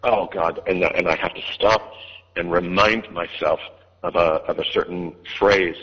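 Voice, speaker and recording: A man's voice: sits low, steady tone, moderate pace, breathy edge. A man, an audiobook narrator, answering interview questions in a hesitant way, with many fillers and restarts. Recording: dull line with long reverb.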